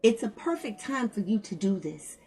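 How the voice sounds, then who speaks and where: A woman's voice: medium pitch, lively intonation, moderate pace, a little mellow, low-quality recording. A woman giving a casual tarot reading, blunt and profane, calling her listeners fam and baby. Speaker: tarot reader.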